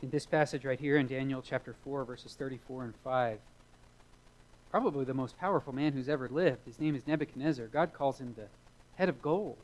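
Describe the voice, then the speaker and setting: A man's voice: mid-range voice, brisk, low-quality recording. Man, middle-aged, pastor, sermon, emphatic, repeats lines for weight, church. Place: church sanctuary.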